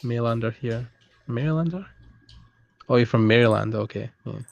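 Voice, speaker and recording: A man's voice: medium pitch, moderate pace, gravelly, highs cut off. A young man chatting casually as a guest on a livestream, easygoing and rambling. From Scotland. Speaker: guest artist on a stream.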